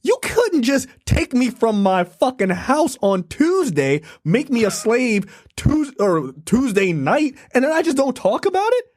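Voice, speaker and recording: Animated high-voiced man reviewing a movie. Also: a little slow, hardly any pauses, dry recording, studio quality. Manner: animated, profane, laughing. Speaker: podcast co-host. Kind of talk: casual review chat.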